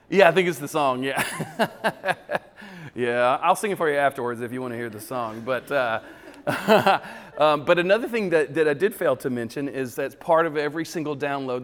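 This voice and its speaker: Guy casually chatting about kids church stuff, rambly, lots of restarts, reverby hall sound. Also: medium pitch. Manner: relaxed and rambling, with many restarts and laughs. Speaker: children's ministry curriculum creator. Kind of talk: casual interview chat.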